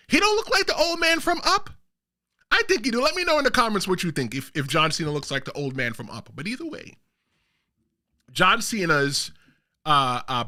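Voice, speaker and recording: A man hosting casual wrestling commentary, animated and playful, talking in street slang. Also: sits high.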